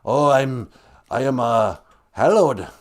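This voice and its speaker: A man putting on an all-knowing deity who speaks in a lilting put-on brogue and hands out grand, folksy sermons. His pitch swoops widely as he moves from lofty proclamations to homely advice, in an improvised comic skit. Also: lively intonation, slow pace. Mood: jovial. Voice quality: lilting put-on brogue, calls her "me daughter". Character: Great Spirit, an all-knowing male deity, gently preachy.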